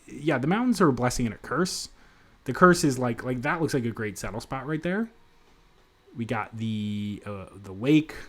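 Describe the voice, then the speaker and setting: A man giving let's play commentary in a city apartment, thinking aloud in a rambling way with frequent restarts. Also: mid-range voice. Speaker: gamer.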